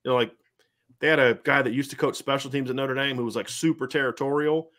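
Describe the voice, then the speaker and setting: A man hosting a sports podcast, giving animated football analysis and acting out coaches' voices in quick quotes. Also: mid-range voice. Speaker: host. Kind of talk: fast sports analysis chat.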